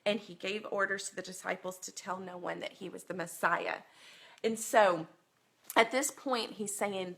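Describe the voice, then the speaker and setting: Woman teacher, bright tone, heartfelt Bible study talk on a phone stream. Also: medium pitch, steady tone, moderate pace, creaky, slightly rough. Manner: earnest, emotional storytelling with many ums. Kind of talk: livestreamed Bible lesson.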